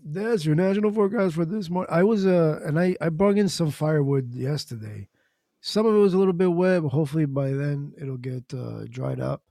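A man co-hosting a casual podcast, chatting in a relaxed, easygoing way. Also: on the high side, moderate pace, vocal fry, dry recording, studio quality. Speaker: co-host.

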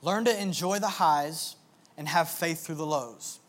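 Young male pastor with a high voice; conversational, earnest sermon delivery. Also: measured pace. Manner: conversational, earnest, with filler words.

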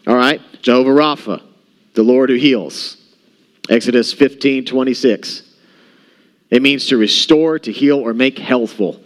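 A pastor delivers a sermon in church in a conversational manner, regularly checking in with the congregation and asking the room questions. His voice is mid-range and a little slow.

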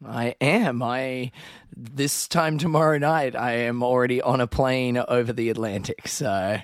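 A man's voice: mid-range voice, steady tone, unhurried, dry recording, studio quality. Chatty Australian man on a podcast. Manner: chatty, laughs at his own stories. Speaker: co-host. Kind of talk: casual podcast chat. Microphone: video call.

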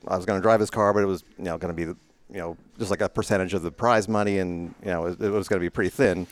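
A man's voice: low voice, fairly even intonation, rapid-fire. A middle-aged man, a retired racing driver, telling stories as a guest in a casual interview, rambling with many fillers and restarts.

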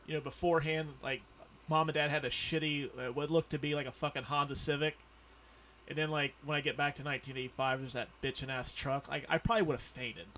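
A man's voice: fairly high pitch, flat delivery, quick pace, a bit bright, slight background noise. Rambling, profane male podcast host. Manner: loose, rambling, full of "like" and swearing. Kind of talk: casual chat.

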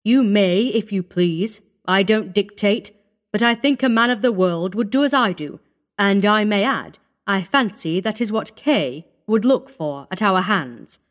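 A woman's voice: mid-range voice, lively intonation, a little slow, lightly acted. A woman voicing a cool, sneering young male doctor with a dismissive, worldly manner.

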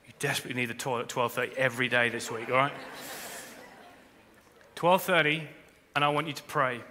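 A man preaching a sermon as pastor, animated, jumping between quiet asides and shouted appeals, with humorous asides. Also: medium pitch, fairly quick, slight background noise. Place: large church hall. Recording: long reverb of a church hall.

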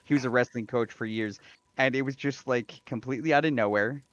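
A man's voice: medium pitch, brisk, fairly bright tone. A man co-hosting a podcast, chatting casually and telling rambling stories full of fillers and restarts. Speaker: podcast co-host. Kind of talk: casual chat. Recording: dull dry lo-fi mic.

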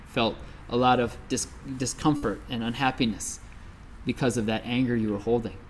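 The storyteller voices a calm, compassionate Buddhist teacher who speaks softly and patiently. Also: medium pitch, moderate pace, a little hiss or hum, natural voice. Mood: gentle. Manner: gentle, soft-spoken, patient.

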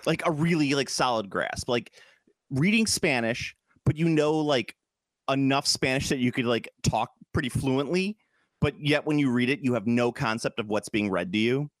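A man co-hosting a podcast in casual, rambling chat, animated and quick to laugh. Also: medium pitch, dry recording, studio quality. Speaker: podcast co-host.

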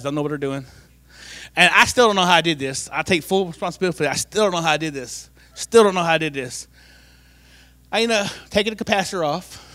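A middle-aged man tells a lively personal testimony, repeating phrases for comic effect. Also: a little high. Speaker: church member giving testimony.

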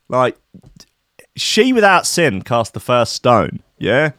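A man's voice: mid-range voice, sing-song, takes it slowly, bright, forceful tone, dry recording, clean studio sound. A man, hosting a comedic podcast in a sweary, rambling, sardonic monologue. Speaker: podcast host.

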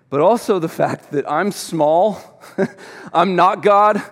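A middle-aged man preaches to his congregation. He tells a personal story in an animated way, with dry, self-deprecating humor. His voice rings out with a long reverb, as in a large church hall. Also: a little high, slow. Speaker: pastor. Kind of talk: sermon.

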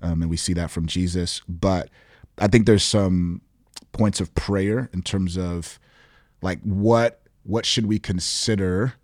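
A man's voice: deep voice, steady tone, slow, darkish tone, dry recording, studio quality. A man who is a pastor, co-hosting a casual Bible discussion and reflecting thoughtfully in abstract terms. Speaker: pastor, podcast co-host.

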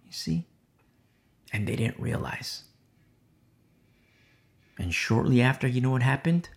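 Male preacher, animated and emphatic, full of rhetorical questions. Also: mid-range voice, unhurried, creaky. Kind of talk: sermon.

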